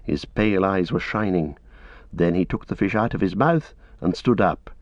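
This man reads a fantasy story aloud in a steady, measured way, his voice sitting low. The recording is dry and close but a bit dull and lo-fi. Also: dry recording. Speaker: audiobook reader. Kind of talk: scripted narration.

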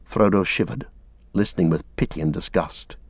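Man, audiobook narration, steady measured reading, low voice, dry close sound, dull lo-fi quality. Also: husky, no room sound. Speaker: audiobook reader. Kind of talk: scripted narration.

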